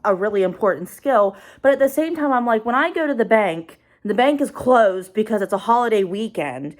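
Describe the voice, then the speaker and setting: A woman's voice: a little high, lively intonation, fairly quick. Anxious rambling young woman vlogger. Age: 20s. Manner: rambling, anxious, filler-heavy "like". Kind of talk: confessional casual vlog.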